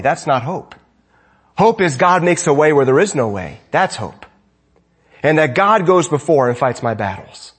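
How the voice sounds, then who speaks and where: A man preaching a sermon as pastor, conversational, often asking his congregation rhetorical questions. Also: fairly high pitch.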